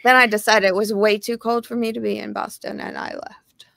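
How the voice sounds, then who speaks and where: Gravelly woman co-host. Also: medium pitch, fairly quick, no room sound. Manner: relaxed, a bit weary. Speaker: co-host of a true crime live stream. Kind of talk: casual live-stream chat.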